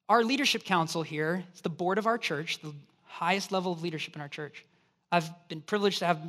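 A man's voice: high voice, pushed and bright. A middle-aged male pastor preaching a sermon, telling stories animatedly and acting out little asides with rising emphasis.

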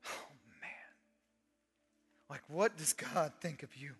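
A middle-aged man preaching an animated, conversational sermon, dropping at times to a soft near-whisper. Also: a little high, slow pace, husky, faint music behind. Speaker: pastor. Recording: long reverb of a large hall.

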